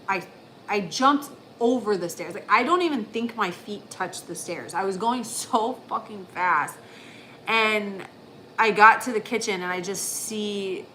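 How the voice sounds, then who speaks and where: A woman's voice: medium pitch, pushed and bright, slight background noise, low-quality recording. A woman on a livestream, casually retelling a story in a rambling way, with frequent swearing. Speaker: livestream host.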